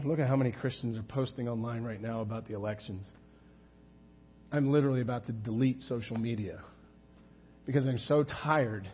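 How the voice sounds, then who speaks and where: A man's voice: medium pitch, lo-fi sound, a little hiss or hum. A male pastor preaching a sermon in a conversational, rhetorical way, often calling out to the congregation.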